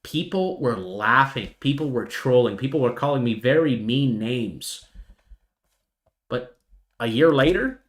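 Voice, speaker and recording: A man's voice: mid-range voice, expressive, unhurried. A man hosting a live trading stream, talking animatedly and mocking impatient retail traders. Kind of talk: live stream market commentary.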